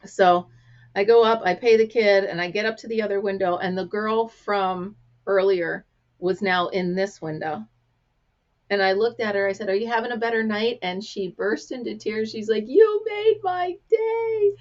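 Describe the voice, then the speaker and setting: Woman, American accent, gravelly and throat-clearing, chatty anecdotal host, slightly dull recording. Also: mid-range voice, steady tone, normal speed. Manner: chatty storyteller, acts out quotes. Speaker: crafting vlog host. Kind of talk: casual chat to camera.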